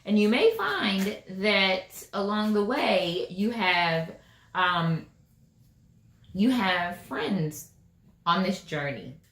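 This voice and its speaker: A woman's voice: mid-range voice, sing-song, drawn-out words, fairly bright tone. A woman giving a casual tarot reading, chatty and emphatic, repeating her phrases and often checking in with "right?". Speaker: tarot reader. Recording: echoey room.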